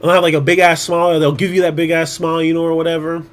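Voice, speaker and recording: A man with a fairly high voice talks to his stream viewers in a loose, unscripted ramble. He is blunt and swears freely, often doubling back and restarting mid-thought. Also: little pitch movement, rapid-fire. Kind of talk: casual livestream chat.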